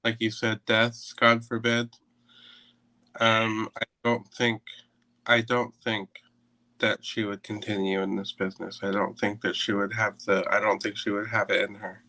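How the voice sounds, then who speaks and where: Bright-toned playful man co-host. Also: on the low side, a little slow, dry recording, poor audio. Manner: playful, animated teasing. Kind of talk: casual chat.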